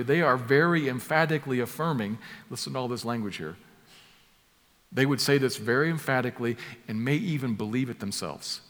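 A man's voice: mid-range voice, fairly bright tone. A man preaching an expository sermon, explaining a passage in an emphatic way and repeating key words for stress. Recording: long hall reverb.

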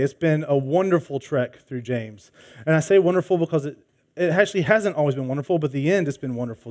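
Guy preaching at church, kinda high voice, chatty animated storyteller, acts out little voices. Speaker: pastor. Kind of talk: sermon with personal story.

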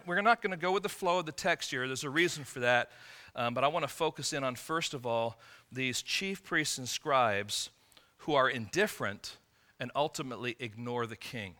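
A man's voice: medium pitch, sharp tone. A man preaching a sermon, teaching through a passage with rhetorical questions and frequent restarts. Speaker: pastor.

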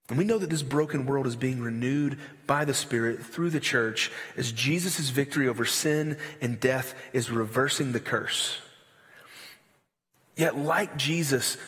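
A man preaching a sermon in a loose, animated way with slangy asides. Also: medium pitch, long reverb tail. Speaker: pastor.

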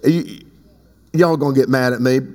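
A man preaching a sermon as bishop of his church, talking conversationally and breaking into loud emphatic bursts. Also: mid-range voice, moderate pace. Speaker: bishop and pastor. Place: church sanctuary. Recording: long reverb in a large hall.

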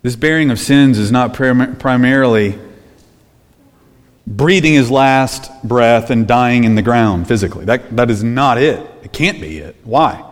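A man preaching a sermon, emphatic, dropping to hushed low phrases and then rising to loud ones. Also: unhurried. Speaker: pastor. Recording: long hall reverb.

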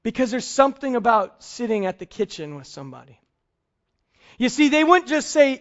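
A man preaching a sermon as a pastor, telling family stories in an animated way and slowing down to stress key points. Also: sits high, lo-fi sound. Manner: storytelling, animated, slows for emphasis.

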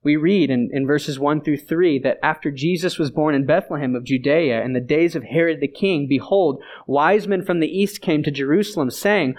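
A man's voice: on the high side, moderate pace, hardly any pauses, darkish tone. A man preaching a sermon in an earnest, emphatic and conversational way, often repeating his phrases for weight. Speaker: pastor.

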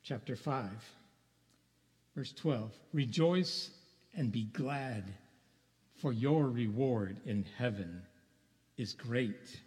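Pastor preaching in a reverberant hall. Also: male voice, medium pitch, drawn-out words, pauses often, a little mellow. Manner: conversational preaching, rhetorical questions, chuckles. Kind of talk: sermon. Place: church sanctuary.

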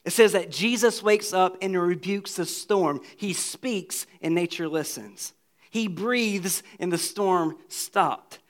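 A man with a high, light voice preaches a sermon from the pulpit. He is earnest and reads scripture aloud, and he often sinks to a low, quiet tone to stress a point. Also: slow pace. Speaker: pastor.

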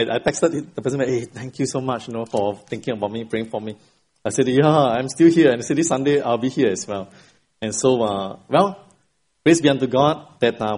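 Warm, husky-voiced male pastor preaching. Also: medium pitch. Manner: expressive storytelling, rising for emphasis, then dropping quiet. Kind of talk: sermon with an opening joke and prayer. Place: church sanctuary at the pulpit.

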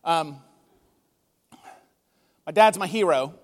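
A pastor preaching a conversational sermon, telling stories with emotion. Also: male voice, very high voice, expressive, normal speed. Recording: long reverb of a large hall.

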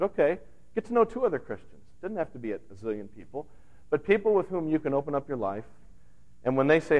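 A male pastor preaches to his congregation in an easy, conversational way. His voice sits at a medium pitch, and the recording sounds a little dull. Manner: conversational preaching with animated retelling. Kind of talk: sermon.

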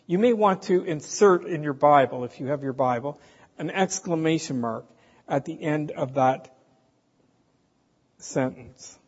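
A man preaching a sermon in a slow, emphatic way, asking the congregation rhetorical questions. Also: fairly high pitch, lively intonation, husky. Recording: dull, hall reverb, from a distance.

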